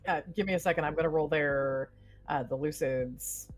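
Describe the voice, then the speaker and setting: A woman narrating as game master, making quick rule calls over faint music. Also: low voice.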